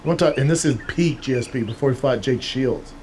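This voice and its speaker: A man's voice: mid-range voice, a little fast, a little mellow, slight background noise. A man co-hosting a podcast, telling stories in casual chat and acting out what others said. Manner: storytelling, swearing, acts out quotes. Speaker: podcast co-host, former fighter.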